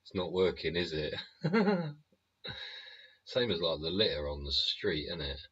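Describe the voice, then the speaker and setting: A man's voice: very deep voice, fairly quick, fairly bright tone, husky. A man hosting his show in a sweary, rambling rant full of tag questions and chuckles. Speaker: show host. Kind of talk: casual ranting monologue. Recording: dull lo-fi recording.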